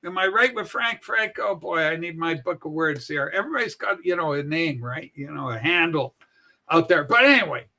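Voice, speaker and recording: A man hosting a casual political talk livestream, brash and profane, with animated storytelling. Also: on the high side, fairly quick. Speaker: political talk show host. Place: home room with a Star Trek shrine.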